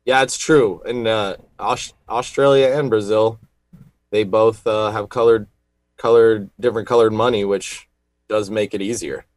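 A man's voice: lowish voice, steady tone, measured pace. A man co-hosting a radio talk show, chatting in an easygoing way, laughing often and restarting his sentences. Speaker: radio co-host.

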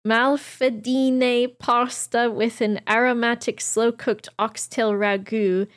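A woman's voice: on the high side, little pitch movement, takes it slowly. A woman co-hosting a podcast, reading a menu aloud in a casual, giggly, self-conscious way. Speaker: podcast co-host.

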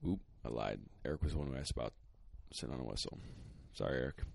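A man hosting a podcast, reading out listener questions in a relaxed, hesitant way with plenty of ums. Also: rumbling low, fast talker, creaky, dry recording.

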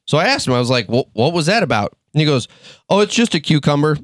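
A fairly high-voiced man from Michigan spins a story on a podcast, animated and full of swearing as he acts out everyone's lines. The sound is dry and close on a studio mic. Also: fast, dry recording. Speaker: podcast co-host. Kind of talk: casual storytelling chat.

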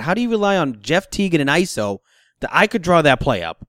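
A man hosting a casual sports talk show, ranting in an animated, incredulous way. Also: fairly high pitch, fast talker, dry recording, studio quality.

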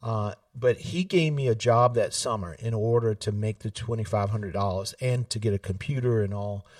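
A man, telling stories in an animated way, laughing often and acting out family voices. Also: on the low side, normal speed, no room sound, distant mic. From South Carolina. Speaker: political candidate, guest. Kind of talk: casual storytelling interview. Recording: dry sound, set back from the mic.

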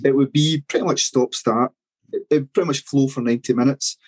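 A man, co-hosting a sports podcast and explaining things in a measured way. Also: medium pitch, breathy edge, low-quality recording. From Scotland. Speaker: podcast co-host. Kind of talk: casual chat.

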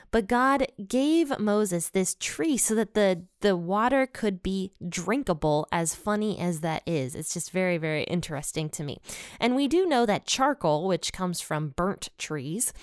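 A woman casually reading and explaining a Bible passage in a chatty, relaxed way, her voice slightly worn. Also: medium pitch, clean tone, dry recording, clean studio sound. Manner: chatty and relaxed, with light chuckles and asides. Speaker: Bible study teacher.

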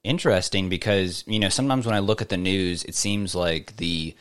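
A man's voice: low-pitched, a little fast, clear, resonant tone, dry recording, clean studio sound. A chatty, upbeat man hosting a live crypto AMA. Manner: chatty, upbeat, lots of fillers. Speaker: host.

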